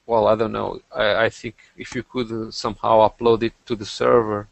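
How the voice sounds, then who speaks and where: A man hosting a podcast, chatting casually about tech with lots of pauses and fillers. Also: lowish voice, flat delivery, creaky. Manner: hesitant, many fillers and restarts. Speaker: podcast host.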